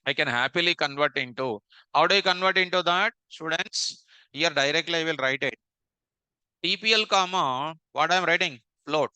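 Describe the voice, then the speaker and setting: Male coding instructor, slightly high and very sharp tone, repeats lines and keeps quizzing the class. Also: normal speed, clean tone, no echo, low-quality recording. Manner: drills students with rhetorical questions and repeats phrases. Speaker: programming teacher. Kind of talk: live coding lecture.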